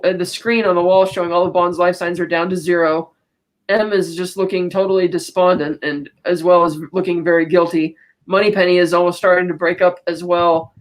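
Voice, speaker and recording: Podcast co-host, casual recap, rambling delivery, quick quoted asides, mid-pitched voice.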